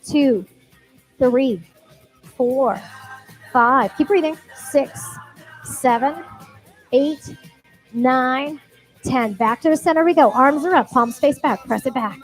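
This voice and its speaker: Her voice sits high, and she takes it slowly with long pauses as she cues a barre class. The instructor counts reps and gives encouraging cues punctuated by cheerful whoops. The rough recording has workout music playing behind.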